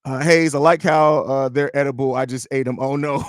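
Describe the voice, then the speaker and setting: A man's voice: medium pitch, steady tone, moderate pace, no room sound. Joking man host, dry close sound. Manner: loose, joking, storytelling with swearing. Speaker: podcast host. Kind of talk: casual live-stream chat.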